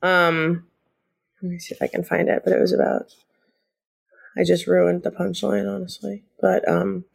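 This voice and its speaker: A woman hosts a relaxed podcast conversation from her home. She rambles through her stories with plenty of "um" and "like", dropping in dry jokes along the way. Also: fairly low pitch, normal speed, vocal fry, pauses often. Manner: rambling, filler-heavy, jokey. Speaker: podcast host. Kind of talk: casual podcast chat. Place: at home with cats.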